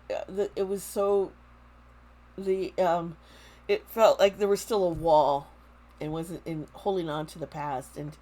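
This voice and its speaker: A woman giving a casual tarot reading to camera, talking slowly, with frequent restarts and fillers. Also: low voice, darkish tone, a little hiss or hum. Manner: slow, halting, with many restarts and fillers. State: close to tears. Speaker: tarot reader.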